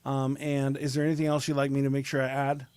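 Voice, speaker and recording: A man's voice: mid-range voice, completely flat delivery, fast, clean tone, no echo. A man hosting and producing a podcast, chatting casually and freestyling a half-sung rap. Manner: improvised rhyming over a beat, half sung. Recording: music playing loudly behind. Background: beat music.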